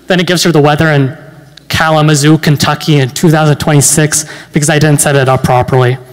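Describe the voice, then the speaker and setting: A nineteen-year-old man delivers stand-up in a dry, deadpan way, his voice sitting a little high for a man. He leaves small pauses and fillers between jokes. The sound carries a long reverb from a large hall. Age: late teens. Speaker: stand-up comedian. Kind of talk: stand-up comedy set. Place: university event hall.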